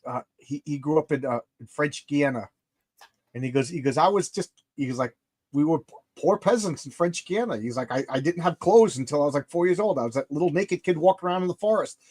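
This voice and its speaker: A man with a high, light voice tells loose, rambling stories in relaxed conversation. He drops into quick impressions of the people he describes, with plenty of false starts. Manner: rambling anecdotes, acts out quoted people. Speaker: podcast host, comic artist. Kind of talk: casual storytelling chat.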